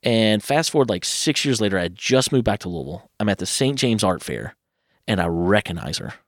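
A man in his thirties, a guest telling personal stories in a lively, casual way, acting out what others said. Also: fairly low pitch, dry recording, studio quality. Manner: animated, quotes others in quick asides. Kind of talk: casual storytelling.

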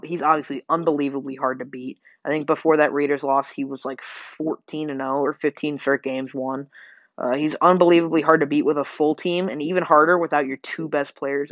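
This sports podcast host has a slightly high, a bit bright voice, recorded dry on a dull lo-fi home mic. He rambles through game predictions, using lots of fillers and often correcting himself.

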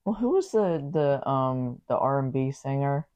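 A woman co-hosting a casual podcast, chatty and quick to react. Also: very deep voice, lively intonation, warm tone, muffled recording. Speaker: podcast co-host. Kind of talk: casual chat.

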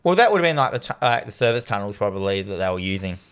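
A man's voice: sing-song, very fast, a bit bright, smooth. A man co-hosting a casual podcast, jokingly recapping a film with swearing and putting on voices for characters. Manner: jokey, swearing, acts out characters in high voices. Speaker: podcast co-host.

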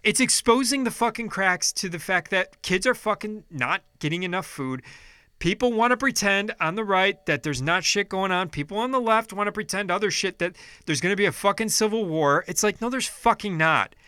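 A man, upset and frustrated, rants with a high, sharp voice, full of swearing and broken-off restarts. His tone stays heated and indignant throughout. The sound is dry and close. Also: animated, moderate pace, smooth, dry recording. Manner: heated, profane, restarting sentences. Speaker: vlogger. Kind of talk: angry political rant.

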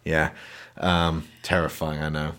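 A man's voice: a bass voice, flat delivery, a little slow, a bit bright. A man hosting a film podcast, retelling a movie's plot in a rambling, jokey way. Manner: rambling, jokey retelling with silly put-on quotes. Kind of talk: casual film review chat.

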